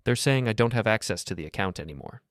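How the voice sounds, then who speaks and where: A man's voice: on the low side, animated, quick pace, no echo, studio quality, close to an everyday voice. A man doing a panicked, demanding wife. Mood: frantic.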